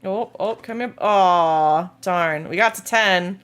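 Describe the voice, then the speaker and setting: A woman's voice: on the low side, slow, a bit bright, clear, resonant tone, soft background music. A woman game streamer in casual live-stream chat, bubbly and playful as she talks to her viewers.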